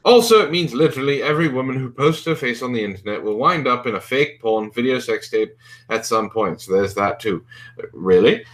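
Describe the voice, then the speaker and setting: A man's voice: medium pitch, lively intonation, a little fast, a bit bright. A man hosting a podcast, giving sarcastic, profane commentary. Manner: sarcastic, swears freely. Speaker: podcast host.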